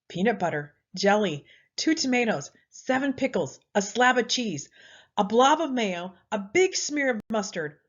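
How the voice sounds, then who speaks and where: A woman reading a children's picture book aloud in a lively, expressive way. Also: fairly high pitch, a little slow. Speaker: storyteller. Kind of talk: children's story read-aloud. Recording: slightly dull lo-fi audio.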